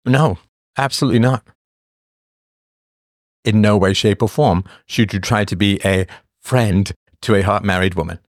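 Answering viewer questions on a casual livestream, a middle-aged host talks at normal speed in a low voice, leaving long pauses. He is chatty and blunt, laughs frequently and drifts off topic; the recording is dry and studio quality.

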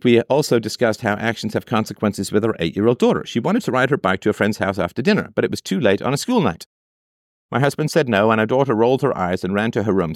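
A man's voice: lowish voice, no echo, clean studio sound. Sarcastic man ranting dryly. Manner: sarcastic, emphatic, repeats phrases for effect. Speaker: commentator reading and reacting to a text. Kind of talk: reading aloud and ranting commentary.

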